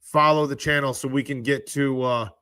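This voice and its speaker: A man hosting a casual live stream from his phone, reading out statistics and ranting in exasperation, his pitch jumping high when he gets indignant. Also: fairly even intonation, moderate pace, pushed and bright, smooth, no echo, studio quality. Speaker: livestream host. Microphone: handheld phone.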